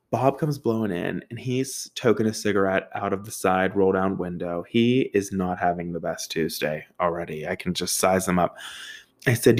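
Fairly low in pitch and a little quick, this young storyteller's darkish voice carries a profane, casual anecdote. He plays out others' voices and sound effects with a self-mocking manner.

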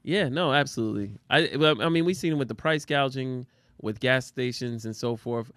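Male co-host, teasing and quick to laugh, mid pitch, dry close sound. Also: fairly bright tone, no room sound. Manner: laughs often, teasing exclamations. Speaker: podcast co-host; father of a son and daughter. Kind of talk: casual chat.

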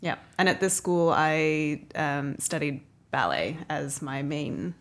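A woman's voice: low-pitched, takes it slowly, fairly bright tone. A woman in her thirties with a North American accent, a guest chatting casually, laughing often and using many fillers. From North America, half Canadian, half American. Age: 30s. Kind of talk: casual interview chat.

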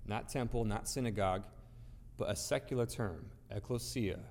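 Speaking at a normal pace in a lowish, slightly mellow voice, this man delivers a sermon to a gathered congregation. His style is emphatic and rhetorical, driving points home through repeated phrases and questions. A large hall's long reverb surrounds him.

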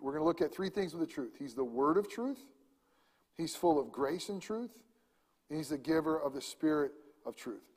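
High-voiced preacher with big dynamics. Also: male voice, lively intonation, moderate pace, husky, big-room sound. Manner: dynamic preaching, swinging from loud emphasis to hushed near-whispers. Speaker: pastor. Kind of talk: sermon.

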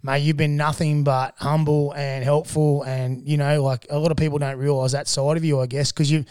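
Aussie male host, slightly high voice, friendly mate-and-bro chatter, dry close sound. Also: little pitch movement, normal speed, darkish tone, clean tone, no echo. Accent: Australian. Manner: encouraging, chatty, calls guest mate and bro. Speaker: podcast host. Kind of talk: casual podcast interview.

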